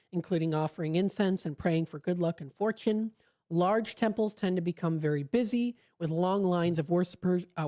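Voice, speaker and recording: A woman radio host reading an article aloud in a casual, relaxed way, stumbling over words now and then with fillers and restarts, speaking into a studio microphone. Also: lowish voice.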